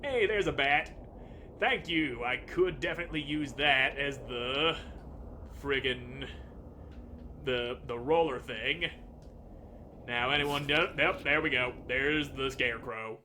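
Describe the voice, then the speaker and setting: A man's voice: mid-range voice, slow pace, pauses often, pushed and bright, a little hiss or hum. A man casually commenting on a video game he plays, sarcastic and swearing often. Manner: sarcastic, swears, reads dialogue aloud. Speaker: let's play host.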